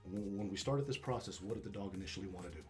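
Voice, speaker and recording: A man's voice: low voice, rapid-fire, a little mellow, soft background music. A man speaking as a dog trainer being interviewed, talking casually and emphatically, swearing and repeating words as he restarts.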